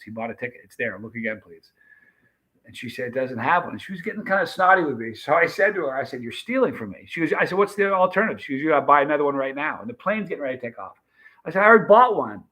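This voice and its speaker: A man's voice: fairly high pitch, pushed and bright. A middle-aged American man, a livestream host, telling a rambling story to his chat and acting out the quotes, with many restarts. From United States. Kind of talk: casual storytelling to a live chat.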